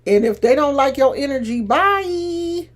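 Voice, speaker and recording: Woman streamer, high and lively voice, teasing, sassy chat, unhurried. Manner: teasing, sassy, loud laughs. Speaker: live streamer. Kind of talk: casual live-stream chat.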